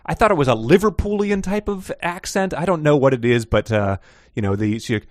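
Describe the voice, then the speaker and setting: A man's voice: a little high, animated, fairly quick, dry recording, studio quality. A man co-hosting a casual book podcast, rambling and laughing often as he talks. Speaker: podcast co-host. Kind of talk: casual book-club chat.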